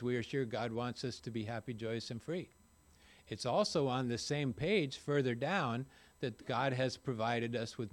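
Rambling older man sharing his story. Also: mid-range voice. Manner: rambling, folksy storytelling with self-deprecating humor. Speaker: recovery meeting speaker. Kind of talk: personal recovery talk to a group.

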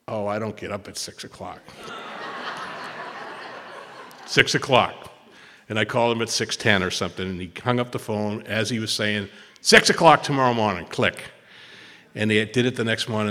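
A man's voice: medium pitch, fairly bright tone. Storytelling man in a reverberant hall. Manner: storytelling, acts out quoted dialogue, repeats words. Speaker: recovery meeting speaker. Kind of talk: personal testimony talk.

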